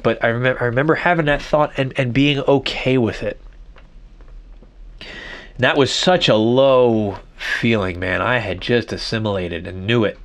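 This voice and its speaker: A man's voice: medium pitch, measured pace. A middle-aged man hosting a solo podcast, rambling and self-reflective, with many restarts. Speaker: podcast host. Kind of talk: casual solo podcast monologue.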